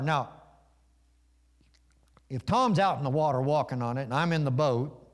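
A man's voice: medium pitch, expressive, normal speed, long pauses. A man preaching a sermon to his congregation in a folksy, conversational way, asking them questions and joking. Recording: long reverb of a large hall.

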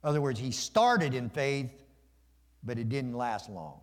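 A man's voice: medium pitch, animated, measured pace. A man preaching a sermon to his congregation in a folksy, conversational way, asking them questions and joking. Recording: long reverb of a large hall.

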